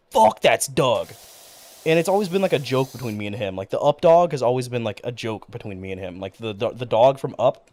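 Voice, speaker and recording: Excitable young man streaming, lively pitch. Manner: rambling, profane, excitable. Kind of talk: casual livestream chat.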